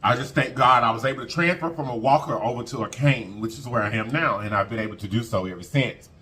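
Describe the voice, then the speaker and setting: Male vlogger, bright forceful voice, heartfelt storytime, colloquial and repetitive. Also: medium pitch, fast. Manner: heartfelt, repeats phrases, thanks God often; colloquial, addresses viewers as y'all. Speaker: mukbang vlogger. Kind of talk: emotional storytime to viewers.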